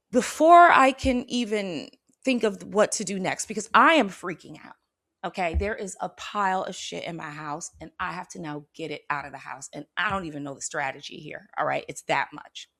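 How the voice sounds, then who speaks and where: A woman host telling a personal story with lively expression, often checking in with her listeners. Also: lowish voice, moderate pace. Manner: expressive, checks in with "okay?" and "right?", acts out her own reactions. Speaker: spiritual channel host.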